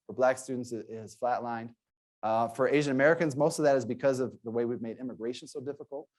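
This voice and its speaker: A man's voice: medium pitch, fast, darkish tone. A man, a sociology professor, giving an earnest conference presentation and telling stories, with frequent restarts.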